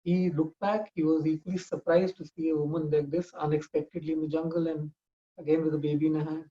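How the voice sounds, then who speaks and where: A man's voice: a little high, flat delivery, quick pace, warm tone, lo-fi sound. A man telling a family story informally, talking conversationally with frequent restarts.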